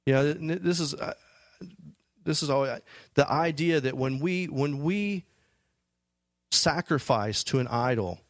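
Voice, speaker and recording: A man's voice: fairly high pitch, a little slow, long pauses, no echo. Conversational male preacher, dry close sound. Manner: conversational, many restarts and fillers. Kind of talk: sermon with scripture reading.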